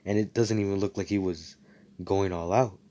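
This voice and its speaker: A man playing an older wizard king, calm and pondering, speaking quietly to himself. His voice is deep and dark. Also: normal speed, muffled recording, natural voice. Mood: musing.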